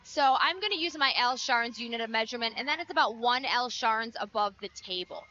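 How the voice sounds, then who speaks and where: A woman's voice: fairly high pitch, animated, brisk, bright, forceful tone. A woman giving color commentary on a gymnastics meet, enthusiastic and chatty, with a muffled broadcast sound. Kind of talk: sports commentary.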